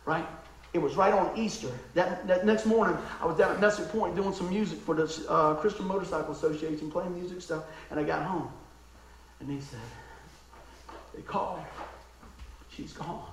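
A man preaching in a folksy, emotional storytelling style, dropping to a hush and then rising to exclaim. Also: high voice, fairly even intonation, brisk, roomy sound, a little hiss or hum, rough recording. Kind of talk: storytelling sermon.

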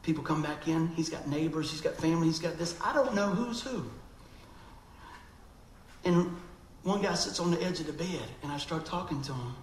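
A man's voice: fairly high pitch, lively intonation, normal speed, roomy sound, a little hiss or hum, poor audio. A man preaching a sermon, telling a story animatedly and acting out the voices of people in it.

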